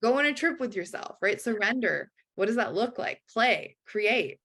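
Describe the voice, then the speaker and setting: A woman's voice: a little high, moderate pace. A woman guest telling a personal story in a casual interview, acting out the voices of the people in it. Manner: animated, acts out quoted dialogue.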